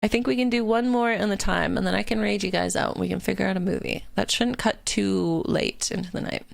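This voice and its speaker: Giggly, swearing streamer woman with a gravelly edge. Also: mid-range voice, steady tone, fairly quick, dry recording. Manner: chatty, giggly, swears freely. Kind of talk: casual live-stream chat. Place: home streaming setup.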